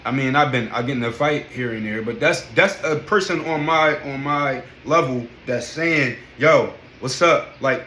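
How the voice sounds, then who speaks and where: A man in his thirties telling a story in an emphatic, profane, animated casual rant. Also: mid-range voice, moderate pace, few pauses. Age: 30s. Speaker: vlogger. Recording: echoey room with faint noise.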